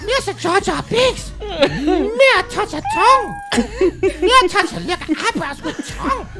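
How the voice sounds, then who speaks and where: A squeaky, sing-song alien creature, giggling and lewd. The voice leaps wildly up and down in pitch, and music plays under it. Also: male voice, big pitch swings, a little slow, exaggerated voice. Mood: goofy, giggly. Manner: high, lilting and giggly. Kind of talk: podcast impression.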